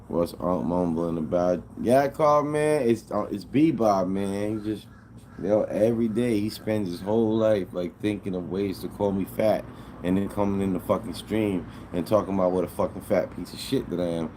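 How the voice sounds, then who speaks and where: A man with a fairly low voice chats to his stream viewers, aggrieved and rambling, swearing freely. Constant background noise and vehicle sounds run under his voice. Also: steady tone, moderate pace, dark tone, rough recording. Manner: aggrieved, rambling and heavily profane. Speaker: livestreamer. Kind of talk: casual livestream chatter to viewers.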